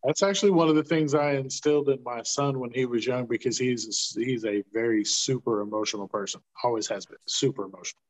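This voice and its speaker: A middle-aged man co-hosting a podcast in casual chat, relaxed and folksy with homespun sayings. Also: medium pitch, fairly quick, low-quality recording. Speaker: podcast co-host.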